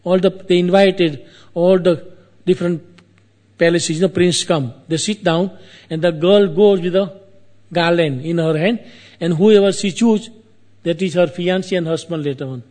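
A man retelling an epic tale in a casual storytelling style, his phrasing loose and halting, with repeats and asides to the listener. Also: high-pitched, a little mellow.

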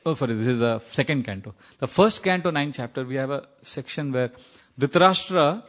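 A man's voice: medium pitch, fairly quick. A man from India with an Indian accent, teaching a scripture class, telling stories, quoting Sanskrit verses and laughing at times. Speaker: spiritual teacher.

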